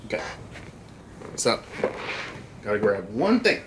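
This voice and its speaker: A male gaming channel host with a lowish voice and big pitch swings takes things slowly during his let's play. He's chatty, reading on-screen text aloud and commenting on small details, against a noisy background.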